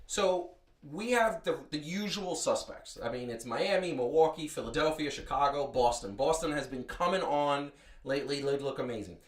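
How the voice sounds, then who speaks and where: A man co-hosting a live sports talk stream, chatting in a lively, storytelling way with many restarts. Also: on the high side. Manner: animated, storytelling, quick restarts. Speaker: podcast co-host. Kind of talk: casual sports chat. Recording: roomy sound from off-mic.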